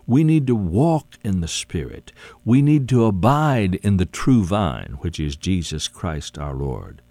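A man delivers a sermon at a slow, deliberate pace. His voice is very low, but it rises and falls with emphasis. The sound is dry and close. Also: warm tone, dry recording. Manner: slow, deliberate preaching with rising and falling emphasis. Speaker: preacher.

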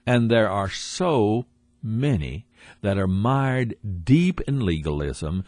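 Slow, earnest husky-voiced preacher man. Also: darkish tone, no room sound. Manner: earnest, repeats phrases, slow emphatic delivery, drops low for asides. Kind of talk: sermon.

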